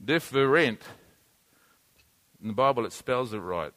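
A man pastor teaching a sermon, slow and emphatic, repeating key words and drawing in his listeners. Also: medium pitch, expressive, pushed and bright. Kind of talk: sermon with audience interaction.

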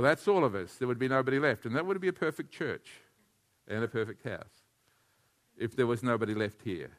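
A man preaching a sermon, animated, swinging from hushed to near-shouting and chuckling between points. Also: medium pitch. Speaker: pastor.

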